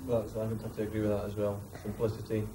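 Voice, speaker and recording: A man, a former footballer telling a lively anecdote in an interview. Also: lowish voice, racing, noisy background. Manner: animated, mimics others while telling a story. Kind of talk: storytelling anecdote.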